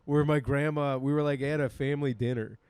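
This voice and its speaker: A man co-hosting a comedy podcast, telling stories in a loose, animated way and laughing often. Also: mid-range voice, a little fast, smooth, no echo. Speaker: podcast co-host. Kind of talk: casual comedic banter.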